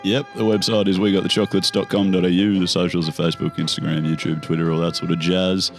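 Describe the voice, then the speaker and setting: A man's voice: deep voice, flat delivery, fast, faint music behind. A man with an Australian accent co-hosting a podcast, rattling off quips and reading out the show's links. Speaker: podcast co-host. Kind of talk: casual chat.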